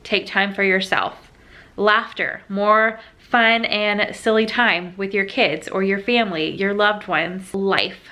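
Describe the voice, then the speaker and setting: A young adult woman vlogger in an emotional, heartfelt sit-down chat, halting and tearful at times. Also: mid-range voice, fairly even intonation, sharp tone.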